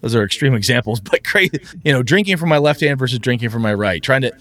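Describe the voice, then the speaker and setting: A man hosting a casual chat about running tabletop games, animated and quick to slip into character voices. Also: medium pitch, dry recording. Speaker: game master podcast host.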